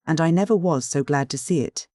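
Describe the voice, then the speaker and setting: A narrator voicing a weary, grumbling male coach driver who speaks gruffly and deliberately, in a storybook reading. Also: mid-range voice, dark tone, dry recording, clean studio sound, natural voice.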